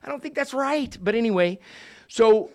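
A man in his sixties telling a story at a recovery meeting, animated and profane, swinging from hushed asides to loud outbursts. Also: very high voice, moderate pace. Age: 60s. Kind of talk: storytelling talk.

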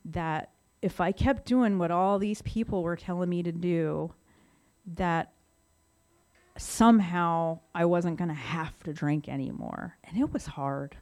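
A middle-aged woman with a somewhat low voice shares her recovery story. She talks in a candid, conversational way and leans on casual fillers as she goes. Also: a little slow, a little mellow. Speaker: speaker sharing her story.

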